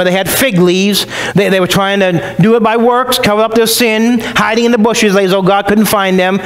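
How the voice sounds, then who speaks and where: A man's voice: high voice, rough recording. A male pastor preaching a sermon in a conversational way, acting out the voices of the people he quotes. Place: church.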